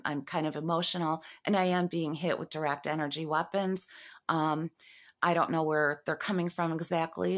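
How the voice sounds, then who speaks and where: A woman in her fifties talking to camera in a rambling monologue, halting with fillers and restarts and rising into agitated, urgent questions. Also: on the low side. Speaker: vlogger.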